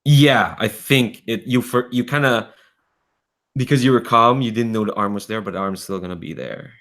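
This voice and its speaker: A man's voice: on the low side, moderate pace, a bit bright. A man narrating as game master of a horror tabletop game, thinking aloud and revising as he goes.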